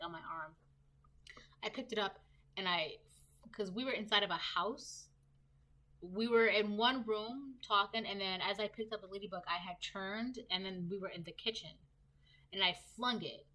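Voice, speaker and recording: A woman's voice: medium pitch, fairly quick, bright, forceful tone. A woman giving a casual, rambling tarot reading to her viewers, often ending her sentences with "right?". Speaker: tarot reader.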